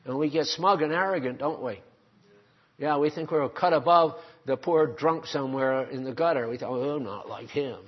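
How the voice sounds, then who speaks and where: An older male preacher delivers a sermon with a husky, slightly raised voice. He presses his points with rhetorical questions to the congregation. The recording sounds dull and lo-fi. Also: a little high, normal speed.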